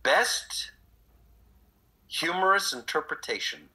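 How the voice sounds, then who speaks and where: In poor audio, a middle-aged man from Texas, an actor guesting on a casual interview, spins animated stories and acts out what people said. His pitch is fairly high, his pace slow, and there's a breathy edge to his voice.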